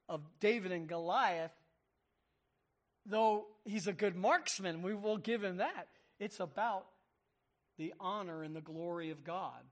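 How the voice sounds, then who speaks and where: A man with a high voice preaches a sermon. He reads scripture aloud with emphasis and acts out the voices in the passages.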